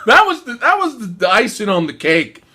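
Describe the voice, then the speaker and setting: A man's voice: high-pitched, wildly swooping pitch, brisk, sharp tone, breathy edge. Laughing man joking through a movie rant. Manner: laughs often, swears, joking. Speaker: podcast host. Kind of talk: casual movie review chat.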